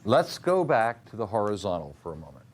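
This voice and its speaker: This trading instructor's voice sits fairly low and sing-song, and he talks fairly quickly, with a bit of hiss or hum in the audio. During his classroom lecture he quizzes the students, drills answers, and repeats key rules.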